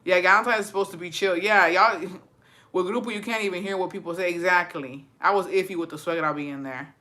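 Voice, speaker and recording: A woman livestreaming casual chat, animated and profane, switching freely between English and Spanish. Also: fairly low pitch, brisk. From Texas. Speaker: livestream host. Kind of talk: casual chat reacting to viewer stories.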